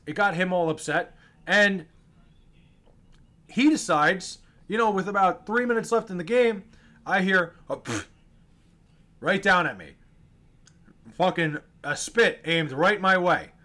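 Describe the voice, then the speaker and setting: A man tells his stories to the camera in a high, bright voice. He is casual and animated, swears freely and mimics the people he ran into. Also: a little slow, pauses often. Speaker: vlogger telling fan stories.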